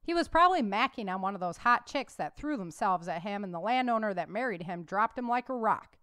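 A woman author reading her own novel aloud in an even, measured way, then talking about the book. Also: medium pitch, smooth, dry recording, clean studio sound. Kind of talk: audiobook narration and conversational commentary.

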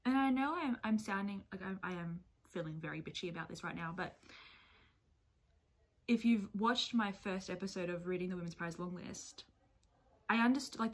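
A woman book vlogger talking casually to camera in a reaction video, expressive and chatty, swearing freely. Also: mid-range voice. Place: at home with her dog nearby.

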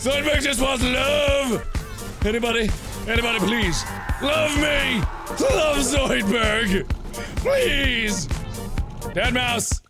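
A man voicing a needy male crustacean alien who calls himself by name and shouts pleas for love and friends. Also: extremely high pitch, animated, takes it slowly, pauses often, loud music behind the voice, pitched above the performer's own voice, full character voice. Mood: pleading. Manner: pleading, loud, talks about himself by name.

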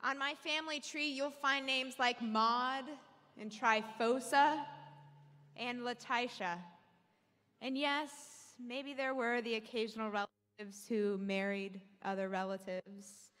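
A young adult woman from Alabama, a policy analyst, gives a candid, earnest talk on stage before an audience in a large, echoey hall. Her voice is fairly high, steady, and a bit bright, and she takes it slowly, joking at first before turning earnest.

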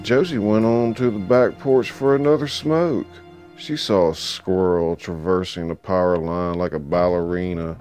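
A man's voice: low-pitched, darkish tone. A man narrating a story in a dramatic, emphatic audiobook style. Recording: faint background music.

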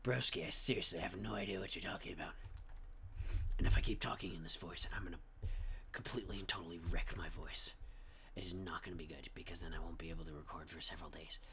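A young man putting on a low, gravelly, half-whispered mock-solemn storyteller voice. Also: pushed and bright, slight background noise.

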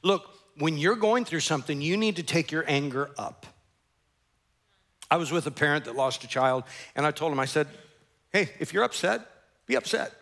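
Bright-voiced animated male pastor. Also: a little high, normal speed. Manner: animated, acts out characters and sound effects. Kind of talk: sermon with storytelling.

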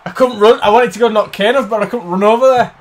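A man's voice: sits high, fast talker, a little hiss or hum. A man commentating a wrestling game, cheering on and swearing at the players. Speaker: gaming commentator. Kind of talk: excited let's-play commentary.

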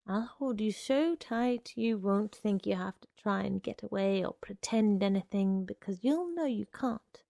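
A woman voicing a smooth-talking, menacing young man who speaks in a coaxing, insistent way. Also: mid-range voice, measured pace, few pauses, dark tone, no echo, studio quality.

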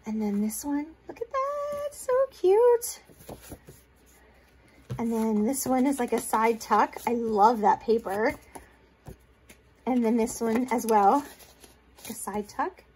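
A woman's voice: on the high side, steady tone, unhurried, long pauses, a little mellow, a little hiss or hum. A woman hosting a crafting vlog, gushing and rambling as she shows off gifts she received in the mail. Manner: gushing, rambling with fillers and restarts. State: tearful, holding back crying. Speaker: crafting video host. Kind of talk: casual show-and-tell of mail.

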